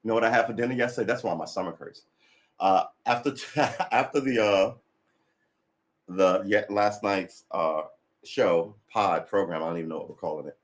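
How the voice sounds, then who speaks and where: Here a man with a lowish voice chats at an ordinary pace. Tired and a little cranky on his morning livestream, he rambles casually, sighs a lot, restarts often, and keeps adjusting his desk mic.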